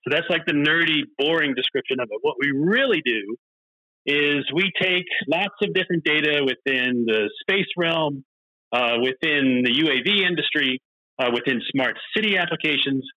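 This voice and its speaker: A man's voice: on the high side, normal speed, pushed and bright, no room sound, dull audio. A man being interviewed as a company founder, answering eagerly and explaining things plainly.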